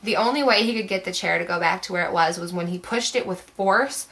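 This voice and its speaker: A woman's voice: lowish voice, a little fast, gravelly, fairly bright tone, low-quality recording. A young woman vlogger telling a story to camera in a chatty, rambling way, full of "like" fillers.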